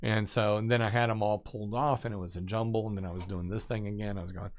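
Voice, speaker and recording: Low-voiced man chatting casually. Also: little pitch movement, fast. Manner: rambling, recounting a mishap in loose run-on asides. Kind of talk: casual chat.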